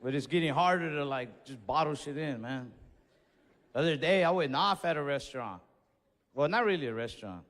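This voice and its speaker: A young man doing a stand-up comedy set on stage, telling stories in an animated way that builds to outbursts. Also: a little high, fairly quick, in a large hall. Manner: animated storytelling with escalating outbursts. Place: comedy stage before a live audience.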